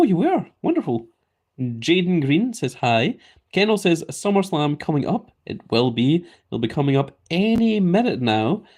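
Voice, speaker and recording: A Scottish man live streaming in a casual way, reading viewer comments aloud and chatting back. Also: medium pitch. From Scotland.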